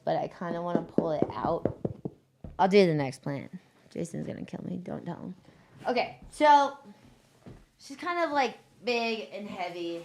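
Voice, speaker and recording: A woman's voice: fairly low pitch, a little mellow, a little hiss or hum. A woman casually showing her plants on a live stream, chatty and loose, swearing freely and restarting her sentences while she moves nearer to and farther from the mic.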